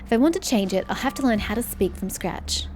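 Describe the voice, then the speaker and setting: A woman reading game dialogue aloud, voicing a blunt, sharp-tongued young woman researcher who is secretly socially awkward. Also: mid-range voice, expressive, a little fast, a little hiss or hum, lightly acted. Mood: flustered. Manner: curt and prickly, turning flustered.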